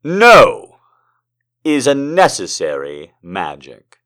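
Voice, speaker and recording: A man reading poems aloud and joking between them, moving from slow dramatic recitation to fast, excited, profane banter. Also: mid-range voice. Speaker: poetry reader. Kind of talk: casual poetry reading with commentary.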